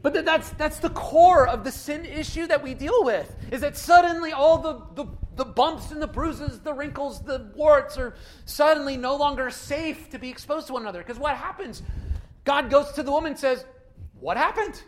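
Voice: high-pitched, moderate pace, slight background noise. A pastor preaching a sermon in a conversational way, repeating key phrases for emphasis and speaking straight to the congregation.

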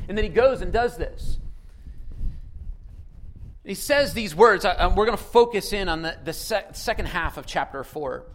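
A male pastor preaching a sermon in a church, telling stories with lively acted-out quotes and questions to the congregation. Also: fairly high pitch. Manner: animated storytelling, acts out quotes, asks congregation questions. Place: church sanctuary.

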